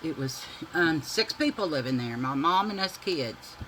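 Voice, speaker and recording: A man telling a profane, animated childhood story to his viewers while doing makeup. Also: on the high side, normal speed, a little hiss or hum, rough recording. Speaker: beauty vlogger.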